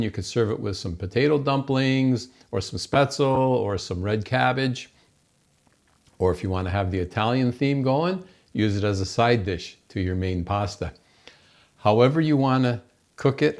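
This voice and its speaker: A man's voice: lowish voice, darkish tone. A man hosting a home cooking show from his kitchen, gushing over the food and talking to viewers as folks.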